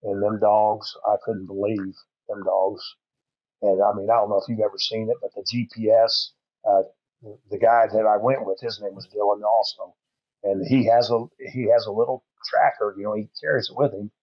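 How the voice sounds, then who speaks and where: A man's voice: on the low side, fairly even intonation, normal speed, slightly rough, dry recording, dull audio. A middle-aged man telling a long hunting story on a podcast, rambling and folksy with plenty of fillers. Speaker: podcast guest. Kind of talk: casual storytelling.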